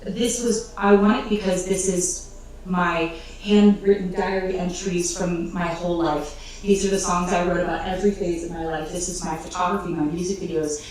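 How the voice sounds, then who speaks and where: A woman's voice: on the low side, steady tone, moderate pace, a little mellow. A woman telling an emotional story in an interview, rambling with fillers and restarts and laughing through tears. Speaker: interview guest. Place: clip replayed in a room during a livestream. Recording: echoey, distant playback with faint noise.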